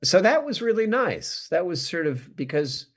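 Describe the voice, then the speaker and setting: This American podcast guest has a high-pitched, slightly rough voice and speaks at a moderate pace. In a casual interview, he's an animated storyteller, self-deprecating and prone to performing quotes.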